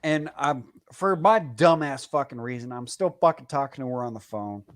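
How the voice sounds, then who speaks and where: This man's voice is medium in pitch and moderately paced. He has called in to a live show and is casually recounting a heated personal story, with swearing throughout.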